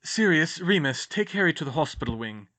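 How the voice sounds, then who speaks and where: A man voicing a calm, commanding old wizard headmaster giving orders in a storybook reading. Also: fairly high pitch, brisk.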